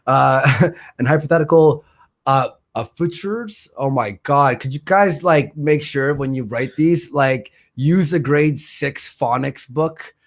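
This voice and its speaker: A man's voice: mid-range voice, a little slow. A man hosting a casual livestream, joking around and swearing often, with a self-mocking manner.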